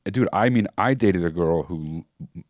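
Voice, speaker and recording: A man co-hosting a podcast, in easygoing casual chat, often pausing to search for words. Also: deep voice, lively intonation, a little mellow, no room sound, studio quality. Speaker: podcast co-host.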